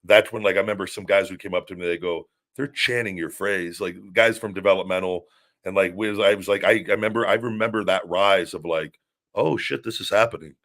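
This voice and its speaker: A man's voice: low voice, steady tone, a little fast, fairly bright tone. A middle-aged man hosting a casual podcast, telling long stories with many restarts and repeated words. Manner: rambling storytelling with many restarts. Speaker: show host, former wrestler.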